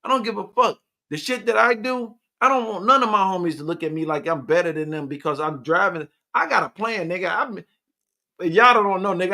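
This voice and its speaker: A podcast host man talking in a casual, profane and preachy way, with sudden loud outbursts. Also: high-pitched. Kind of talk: casual live podcast chat.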